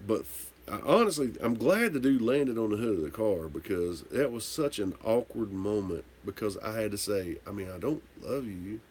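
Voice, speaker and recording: A man's voice: fairly low pitch, sing-song, moderate pace, few pauses, slightly rough. A man hosting a casual livestream, tipsy from drinking, telling a rambling, candid story and swearing casually. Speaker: livestream host answering viewer comments.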